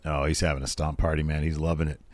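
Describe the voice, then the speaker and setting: A man co-hosting a casual wrestling recap podcast, who slips into loud, excited voices when he quotes the wrestlers. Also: extremely low pitch, fast talker, no room sound. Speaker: podcast co-host.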